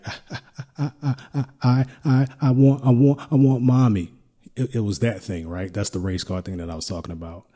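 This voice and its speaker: A middle-aged man hosting a podcast, telling a personal story in a reflective, halting way with many restarts. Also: low-pitched, mellow. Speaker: podcast host.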